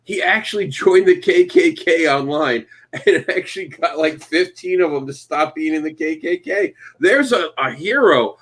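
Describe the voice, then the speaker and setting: A man's voice: a little high, normal speed. A man co-hosting a casual podcast chat, joking and acting out quotes in mock voices. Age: adult father. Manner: animated, jokey, acts out quotes in mock voices. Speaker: podcast co-host.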